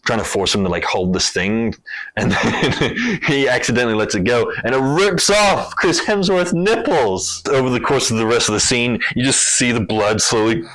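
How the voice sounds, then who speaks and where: A man's voice: fairly low pitch, a little fast. A man casually chatting about a movie he just saw, swearing freely and retelling scenes with energy. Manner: loose, swearing, animated storytelling. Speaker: film review co-host. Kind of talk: casual chat.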